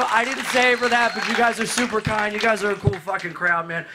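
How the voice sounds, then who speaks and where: A young man doing a stand-up warm-up set on a club stage, brash and teasing the crowd, with loud punchlines. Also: sits high, fast, vocal fry, few pauses. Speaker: stand-up comedian warming up the crowd. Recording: noisy live club recording. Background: audience laughter.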